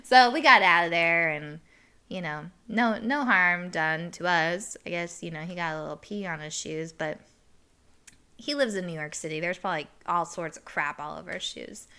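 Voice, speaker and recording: A woman, hosting a podcast and telling a story in a casual, animated way, swearing and loudly acting out what people said. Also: fairly low pitch, moderate pace, smooth. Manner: animated, swearing, acts out quoted lines loudly. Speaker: podcast host.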